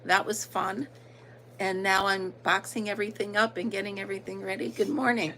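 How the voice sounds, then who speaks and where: A woman's voice: mid-range voice, little pitch movement, a little fast, sharp tone, slight background noise, rough recording. A woman with an American country accent hosting a casual livestream, chatting and greeting viewers by name with plenty of ums. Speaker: livestream host.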